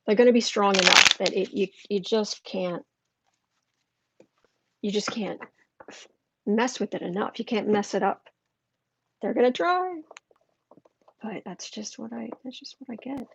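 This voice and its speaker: A woman's voice: medium pitch, unhurried, gravelly, long pauses, fairly bright tone, slightly rough, no echo, low-quality recording. A woman doing a live tarot reading, chatty and thinking aloud, with many restarts. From United States. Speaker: tarot reader.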